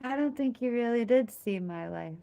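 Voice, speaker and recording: A woman's voice: a little high, expressive, normal speed, gravelly, mellow. A young woman streaming live, chatting casually with viewers. She rambles, laughs at herself often and stops to thank people for gifts. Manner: giggly, self-mocking, rambling.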